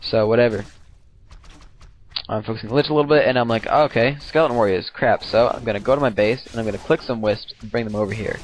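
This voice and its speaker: A man's voice: mid-range voice, fast talker, a little hiss or hum. A young man casually commenting on his own game replay, rambling, slangy and profane.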